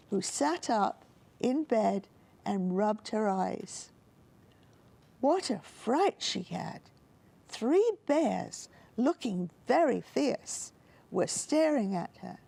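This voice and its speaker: A woman reading a children's story aloud in a gentle, expressive storytelling manner. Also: mid-range voice, very slow, creaky.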